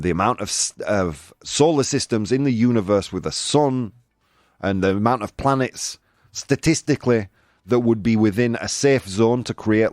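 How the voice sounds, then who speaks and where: A man's voice: lowish voice, no room sound, studio quality. A man from the United Kingdom hosting a casual live-stream chat, reading viewer comments with a sarcastic, laughing manner. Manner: sarcastic, laughs at own jokes, chatty. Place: room with air conditioner running.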